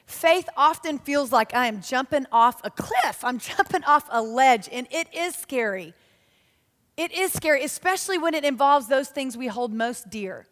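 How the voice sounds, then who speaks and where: A woman giving a sermon, telling stories in a lively, self-mocking way. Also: high-pitched. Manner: animated, self-mocking storytelling. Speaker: church speaker. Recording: long reverb of a large hall.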